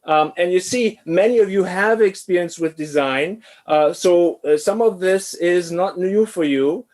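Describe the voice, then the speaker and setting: Male business lecturer, higher-pitched, halting delivery full of fillers, online class. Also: a little mellow. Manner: hesitant, many uh fillers.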